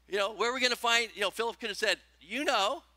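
A male pastor with a high, very bright voice preaches an animated sermon at a fairly quick pace, repeatedly asking the congregation questions. The recording is close and dry, with no echo or room sound.

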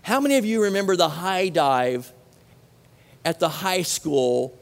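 A middle-aged Southern California pastor with a high-pitched, gravelly voice preaches an animated sermon at an unhurried pace. He fires questions at his listeners between casual asides, his voice echoing with long reverb as if in a large hall.

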